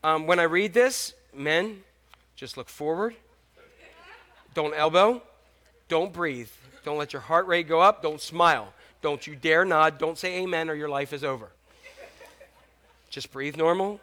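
High, bright-voiced man preaching a sermon. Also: measured pace, pauses often. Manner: animated, storytelling with jokes and acted-out asides. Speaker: pastor.

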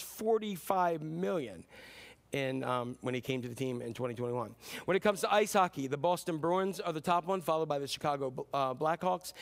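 A high-voiced man preaching a lively sermon. He rambles through stories in a casual, conversational way, with a few filler words and restarts. Now and then he breaks into sudden loud cheers. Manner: animated storytelling with sudden whoops. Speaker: pastor.

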